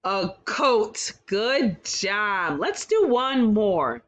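A woman teaching a kindergarten phonics lesson, slowly sounding out words and praising the children with exaggerated, sing-song encouragement. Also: mid-range voice, expressive, muffled recording. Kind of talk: slow, clearly enunciated phonics lesson for young children.

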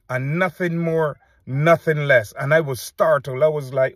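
A preacher speaks to the camera in a somewhat high, husky man's voice. He talks earnestly, breaking off and restarting his sentences as he describes what he saw. The sound is dry and close. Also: steady tone, dry recording. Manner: earnest, halting, recounts visions with many restarts. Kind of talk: testimony to camera.

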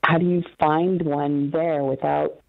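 A woman calling in to an advice show, soft-spoken and agreeable. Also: low voice, fairly even intonation, measured pace, vocal fry, no echo. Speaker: caller. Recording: tinny phone line.

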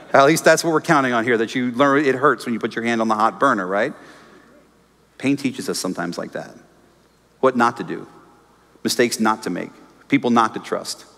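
A male pastor delivering a lively sermon in a church auditorium, slipping into voices as he quotes people and trading jokes with the congregation. His middle-pitched voice carries a long, ringing hall reverb.

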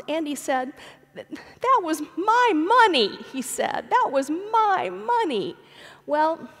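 A middle-aged woman pastor telling a family story in a sermon, speaking to the congregation as friends. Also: a little high. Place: church sanctuary. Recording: long hall reverb of a sanctuary.

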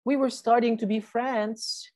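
Lady reading as a little storybook girl, a bit higher than her usual voice, dry close sound. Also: steady tone, a little slow, a little mellow, dry recording, lightly acted. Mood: wistful. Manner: storybook reading voice, raised pitch. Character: young girl in a storybook, eager.

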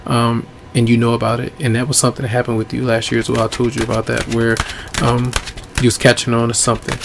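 A man giving a casual tarot reading, easygoing and rambling, his voice going hoarse. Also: mid-range voice, completely flat delivery, quick pace, noisy background. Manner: easygoing, rambling with many ums. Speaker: tarot reader.

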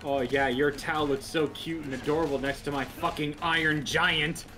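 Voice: mid-range voice, steady tone, normal speed, over music. A friend chatting along during a gaming session, telling stories and making crude, teasing jokes. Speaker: co-commentator friend. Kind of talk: casual gaming chat.

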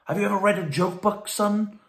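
A man voicing a brash older male doctor in a told joke, talking loud and high with a blustery manner. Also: steady tone, fairly quick, reverberant, a little hiss or hum. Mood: booming.

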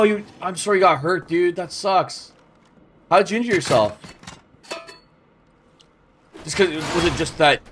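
A man's voice: sits high, a bit bright. A man in his thirties streaming a game, chatting casually with chat and swearing as he plays. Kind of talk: casual gameplay commentary.

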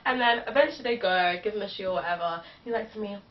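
A young woman from the UK hosting a casual group chat, telling work stories in a lively way and acting out what people said. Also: medium pitch, quick pace, echoey room, far from the mic. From United Kingdom. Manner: animated storyteller, acts out quotes. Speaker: host. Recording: muffled, from off mic.

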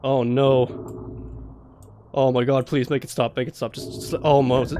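A man's voice: medium pitch, level tone, a little slow, pauses often, warm tone, a little hiss or hum. A young man playing a horror game blind, jumpy and swearing, laughing nervously as he talks through the scares. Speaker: let's play host.

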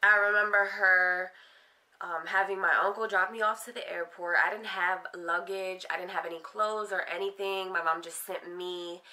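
A woman's voice: on the low side, fairly even intonation, normal speed, sharp tone. A young adult woman frankly recounting her own life story in a casual interview, full of fillers. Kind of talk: candid personal storytelling.

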